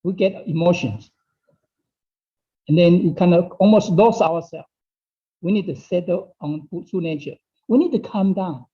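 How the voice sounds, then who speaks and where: Leading an online Dao class in non-native English, a man with a voice that sits high talks expressively at a normal speed. He says things more than once and checks in with "okay?" again and again, all captured in dull, lo-fi class audio.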